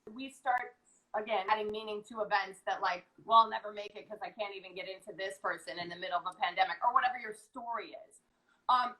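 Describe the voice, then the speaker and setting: A woman speaking as an acting coach on a live video call, giving an energetic, chatty, motivational talk. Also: fairly high pitch, rough recording.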